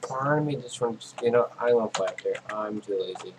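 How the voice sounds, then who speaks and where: A man chatting casually to himself as he plays a video game, rambling from one thing to the next. His voice sits at a middling pitch and has gone slightly hoarse. Faint keyboard typing can be heard in the background. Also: a little fast, background noise. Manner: rambling, talks to himself while playing. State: losing his voice. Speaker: gaming channel host. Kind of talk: casual gameplay commentary.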